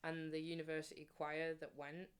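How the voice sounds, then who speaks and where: A woman's voice: deep voice, normal speed, smooth. A woman, a guest musician, telling stories in a casual chat and laughing often. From England. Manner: animated storyteller, laughs often.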